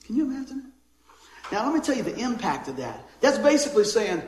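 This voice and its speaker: Casting: male pastor, high voice, informal folksy sermon, roomy echoing church hall. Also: sing-song, a little fast, darkish tone. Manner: folksy, keeps asking the congregation "amen?" and "right?". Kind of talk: conversational sermon.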